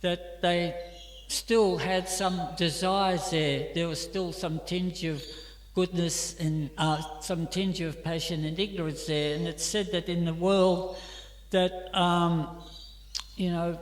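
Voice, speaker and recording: A man's voice: sits high, fairly even intonation, slow pace. A man with an Australian accent giving a scripture class in a temple, telling stories in a chatty way with many fillers. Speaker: class speaker. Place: temple hall. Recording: echoey temple hall.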